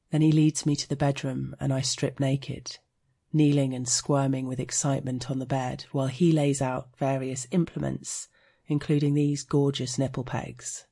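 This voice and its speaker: Frank British woman with a husky tone, reading her own erotic story with dry humour. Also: rumbling low, mellow. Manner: frank and wry, slowing to intimate detail. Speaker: sex blogger.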